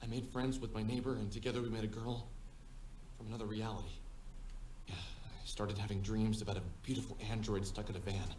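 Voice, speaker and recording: A man plays a lost young man drifting through his memories in a game, talking in a soft, searching inner monologue. His voice sits low and sounds distant in a roomy space. A faint hiss runs beneath it. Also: level tone, fairly quick, lightly acted. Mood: wistful. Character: young man lost in his own mind, recalling his life. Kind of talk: game voice acting.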